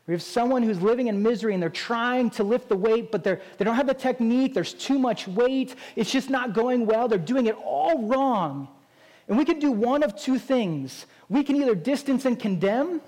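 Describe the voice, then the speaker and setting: A man's voice: extremely high pitch, a little mellow. A man preaching a sermon as a pastor, in a conversational style with frequent rhetorical "right?" asides.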